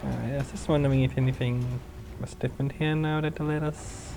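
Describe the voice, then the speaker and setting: A woman's voice: extremely low pitch, steady tone, fairly quick, over music, low-quality recording. A woman hosting a let's play, rambling through casual gameplay commentary and laughing often.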